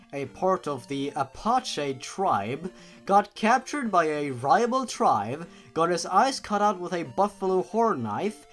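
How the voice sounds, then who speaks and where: A man reads a creepypasta aloud in a deadpan voice, then cuts in with sarcastic jokes. His pitch swings widely as he goes. Faint music plays softly underneath. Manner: deadpan reading broken by sarcastic asides. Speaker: YouTube narrator. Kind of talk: comedic story reading.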